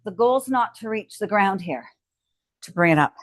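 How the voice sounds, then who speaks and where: Her medium-pitched voice is expressive and moves at normal speed as she coaches viewers through strength exercises at home. She encourages them warmly, cueing each move with frequent cheers, in a dry recording.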